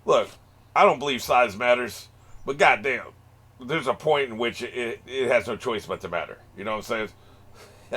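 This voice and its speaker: A man's voice: medium pitch, a little slow, fairly bright tone. A man hosting an anime reaction video, cracking profane jokes and laughing often in casual commentary. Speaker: anime reaction channel host.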